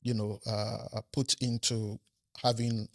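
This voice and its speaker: A man from Nigeria, a professor and podcast guest, explaining in a measured way in a studio and often checking in with "right?". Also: on the low side, little pitch movement, gravelly. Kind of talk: conversational interview.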